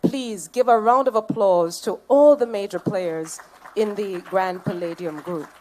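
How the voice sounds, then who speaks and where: A Jamaican woman emcees a formal ceremony from a podium microphone, her pitch sitting in an ordinary middle range. She moves between stately lists of dignitaries and playful asides to the crowd. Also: measured pace, a little mellow, a little hiss or hum. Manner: playful, banters with the audience. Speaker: master of ceremonies.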